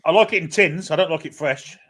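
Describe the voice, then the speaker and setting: A man's voice: fairly high pitch, fast, a crowd in the background. A man co-hosting, blunt and sweary, cracking mocking jokes in casual banter. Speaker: co-host.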